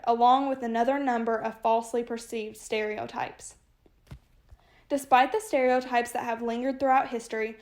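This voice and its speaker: A young woman reading a prepared class presentation aloud in even, list-like phrases. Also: on the high side. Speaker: student presenter.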